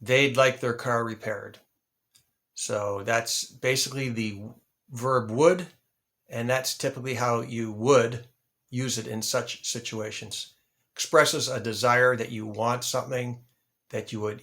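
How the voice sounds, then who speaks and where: Male ESL teacher, channel host; mid-pitched, patient, deliberate delivery with repeated examples. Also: fairly even intonation, a bit bright. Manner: repeats example phrases slowly and spells out words. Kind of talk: slow, deliberate English lesson.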